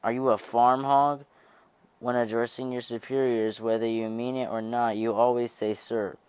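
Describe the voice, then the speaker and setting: A man reading the lines of a gruff, scornful stooped old man with a nasal tenor, in an amateur audiobook reading. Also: medium pitch, level tone, normal speed, a little mellow, no room sound, lightly acted. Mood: gruff scolding. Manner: scolding, mocking.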